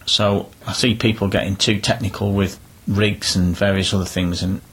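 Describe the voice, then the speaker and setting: Husky-voiced man, easygoing storyteller. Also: deep voice, level tone, normal speed, fairly bright tone. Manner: chatty, down-to-earth, rambling with restarts. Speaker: interviewee, angler. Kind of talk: casual storytelling interview.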